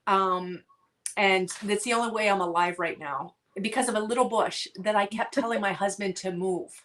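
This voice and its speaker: A woman's voice: mid-range voice, fairly bright tone. Earnest middle-aged woman telling her story. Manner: earnest, halting, many restarts. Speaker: guest author. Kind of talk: heartfelt personal storytelling.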